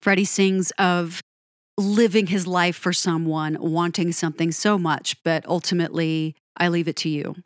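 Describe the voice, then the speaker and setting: A woman hosting a music commentary, gushing about a song, animated and quick to correct herself. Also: fairly low pitch, no echo, clean studio sound. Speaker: music podcast host. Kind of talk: enthusiastic song breakdown.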